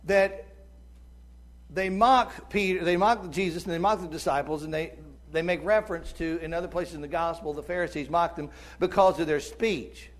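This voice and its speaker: High-voiced Southern preacher. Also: male voice, moderate pace. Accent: Southern American. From American South. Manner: folksy, swinging from hushed asides to shouted peaks. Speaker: guest preacher. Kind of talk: sermon.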